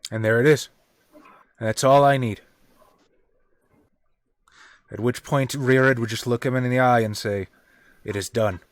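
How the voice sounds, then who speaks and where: A man's voice: mid-range voice, fairly even intonation, unhurried, pauses often, dry recording. Man playing a tabletop game, dry sound. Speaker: player. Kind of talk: casual tabletop play.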